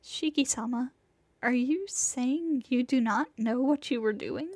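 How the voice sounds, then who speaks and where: Formal young maid for a visual novel read-through, high and measured, read by a woman. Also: dry recording. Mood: formal concern. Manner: polite, formal, even. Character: composed young female maid, politely formal.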